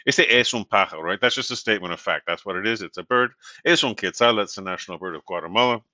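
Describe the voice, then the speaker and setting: A man's voice: on the low side, fast talker, no room sound. Male Spanish instructor, casual lecture delivery, lo-fi dry recording. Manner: relaxed and conversational, many fillers and "right?" tag questions. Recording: dull, dry lo-fi audio.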